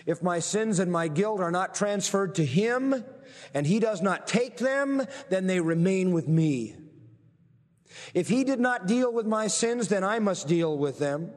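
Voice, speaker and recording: A man preaching a sermon in a church sanctuary, his somewhat high voice trailing off into a long hall reverb. He argues point by point and slows almost to a crawl to press home the key phrases. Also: expressive. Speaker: pastor.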